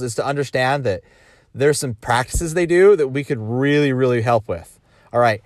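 A man's voice: medium pitch, no room sound, clean studio sound. A man talking casually as a sales coach, rambling with restarts and rhetorical questions.

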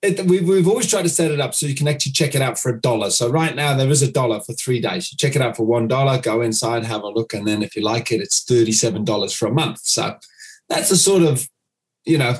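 A man's voice: mid-range voice, fast. A man, a dog trainer, explaining his method in an interview, acting out owners' commands.

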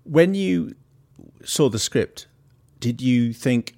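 A man's voice: medium pitch, lively intonation, takes it slowly, vocal fry, pauses often, darkish tone. A man hosting a radio film show, asking reflective questions of his guests. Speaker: radio host. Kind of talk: radio interview.

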